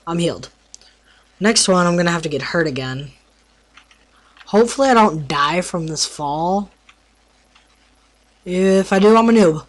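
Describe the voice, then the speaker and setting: Game tutorial narrator, casual play-by-play, trips over words, teases mobs, mid-pitched voice. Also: animated, unhurried, long pauses. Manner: stumbles over words while explaining; playful trash talk at mobs. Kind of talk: casual gameplay commentary.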